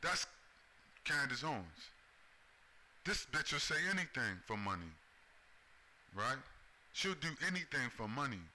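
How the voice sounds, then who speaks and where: A man's voice: medium pitch, sing-song, unhurried, pauses often, bright, forceful tone, slight background noise. A man giving a profane video commentary, often tagging his points with "right?". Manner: profane, repeats "right?" as a tag. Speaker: commentary host.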